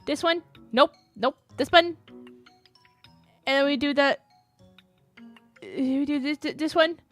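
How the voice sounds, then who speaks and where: A woman's voice: high voice, a little slow, a bit bright, faint music behind. A young woman live streamer chatting casually and gushing thanks to her viewers. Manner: gushing, effusive thanks to chat. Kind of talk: casual chat.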